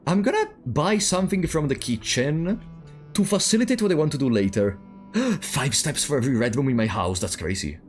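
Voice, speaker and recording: A man with a fairly high, very lively voice works through a puzzle game out loud, musing, exclaiming and teasing his viewers. Faint game music plays underneath. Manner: thinking aloud, chatting with viewers, animated swings. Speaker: streamer. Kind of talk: casual let's-play commentary.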